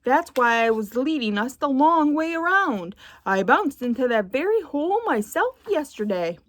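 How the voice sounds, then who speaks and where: A woman's voice: high voice, sing-song, moderate pace, fairly bright tone, no room sound, studio quality, voice pushed up. A woman voicing an eager, bouncy male tiger who calls out in a raised voice. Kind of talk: storybook read-aloud.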